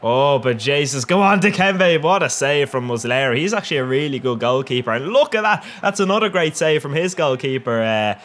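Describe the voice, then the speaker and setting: A man's voice: medium pitch, fairly quick, hardly any pauses. A young man with an Irish accent giving casual, rambling and cheeky commentary over his football video game matches. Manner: rambling and cheeky, with bursts of excitement. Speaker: gaming commentator.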